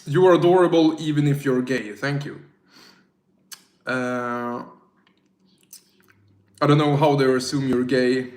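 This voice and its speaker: A Swedish-accented man chats loosely on a livestream, rambling and slangy with a self-mocking edge. He talks at an unhurried, drawn-out pace in a middling voice. The room around him rings with echo. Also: mid-range voice, steady tone, darkish tone. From Sweden. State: tipsy. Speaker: livestreamer reading chat. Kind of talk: casual livestream chat.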